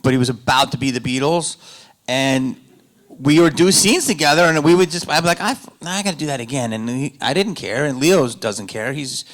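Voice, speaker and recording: A comedian talks on a convention stage, his voice bright and ringing as he tells a rambling story. He drifts from loud joking asides down to low, confiding storytelling, and his speech stays loose and casual. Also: animated, normal speed. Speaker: panel guest, actor and comedian. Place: convention panel room.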